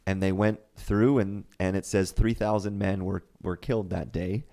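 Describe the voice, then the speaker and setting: A man co-hosting a church podcast in casual chat, retelling scripture stories with lively acted quotes and frequent laughs. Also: low-pitched, moderate pace, creaky. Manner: animated, acts out quotes, laughs often. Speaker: podcast co-host.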